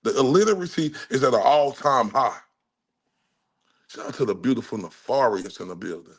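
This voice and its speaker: A man's voice: medium pitch, lively intonation, normal speed, breathy edge. A man from Dallas, Texas, hosting a livestream and delivering a furious rant full of profanity. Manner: furious, heavily profane ranting. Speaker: livestream host.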